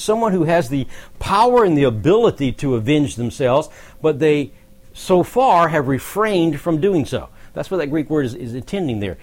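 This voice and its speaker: A man's voice: a little high, darkish tone. A man teaching a Bible study, explaining verses in a conversational way with asides to the group. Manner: conversational, explanatory, occasional laughs.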